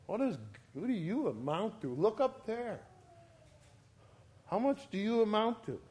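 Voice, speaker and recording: A man's voice: sits high, very animated, a little mellow. A man preaching a sermon, reading scripture verses aloud and explaining them, with swelling emphasis on key words. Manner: slow, emphatic, rising and falling in volume for emphasis.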